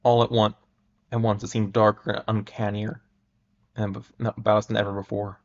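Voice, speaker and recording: A man reads an old adventure story aloud in a measured, dramatic way, now and then tripping over a word. His voice sits low with a gravelly texture. The recording is dull and lo-fi. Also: little pitch movement. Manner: measured, with occasional stumbles and restarts. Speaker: reader. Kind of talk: dramatic reading of pulp fiction. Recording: muffled lo-fi recording.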